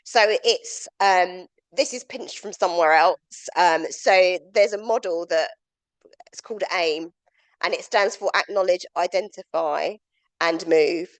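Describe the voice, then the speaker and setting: A woman's voice: fairly low pitch, measured pace. A woman leading a domestic abuse awareness training session, explaining steadily with frequent ums. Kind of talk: training talk.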